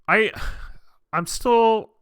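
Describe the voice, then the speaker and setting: A man's voice: high voice, extremely slow, a bit bright, smooth, no room sound. A man hosting a reaction video, chatting casually and thinking aloud with frequent restarts.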